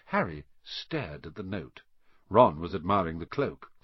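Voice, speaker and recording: Husky male audiobook reader, lively intonation, dry, dull recording. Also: low-pitched, measured pace, no echo. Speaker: audiobook narrator. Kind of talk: scripted narration. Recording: dry, slightly dull lo-fi sound.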